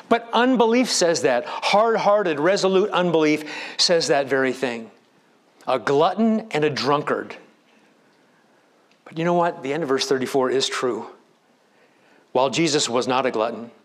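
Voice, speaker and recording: A man preaching a sermon as a pastor, with emphatic delivery that rises and drops in volume. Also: medium pitch.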